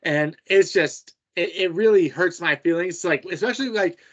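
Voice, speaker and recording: A man's voice: sits high, normal speed. A man from the United States co-hosting a podcast, ranting heatedly and with lots of swearing in casual sports chat. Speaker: podcast co-host.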